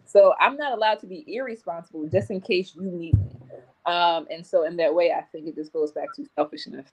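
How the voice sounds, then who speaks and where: A woman's voice: on the low side, fairly quick, darkish tone, breathy edge, rough recording. A woman in a casual group chat retelling a talk with her mother and acting out the lines she quotes.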